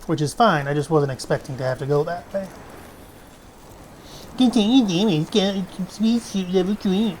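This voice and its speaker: A streamer chatting through a game in a loose, rambling way, swearing freely and joking at their own expense. The voice sits at a middle pitch, with a faint hiss of noise behind it. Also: moderate pace, a little mellow. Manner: rambling, profane and self-mocking. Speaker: let's play streamer. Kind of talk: casual gameplay commentary.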